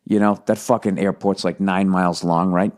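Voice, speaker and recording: A man's voice: low voice, level tone, normal speed, darkish tone. Profane rambling man telling road stories. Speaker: podcast host. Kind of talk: casual rambling monologue.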